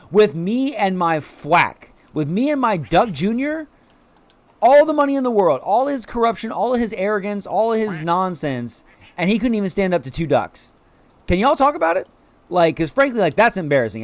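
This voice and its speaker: Excitable male streamer, lively pitch. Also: no echo. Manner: excitable, yells greetings to chatters; playful, quacks like a duck. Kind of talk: casual live-stream chat over gameplay.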